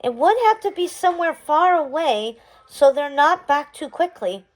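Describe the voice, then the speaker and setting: A woman's voice: high voice, animated, moderate pace, low-quality recording. A woman reading as a sad, polite princess. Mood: wistful.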